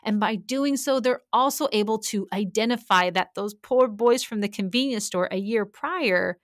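Female host for casual true-crime narration: animated, frank, acts out quotes, dry and close-miked. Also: mid-range voice, normal speed, dry recording. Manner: animated, blunt and conversational, acting out quoted voices.

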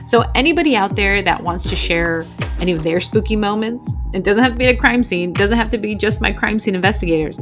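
A woman hosting a podcast, telling a story casually and vividly, acting out quoted voices and swearing freely. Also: lowish voice. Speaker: podcast host; crime scene investigator.

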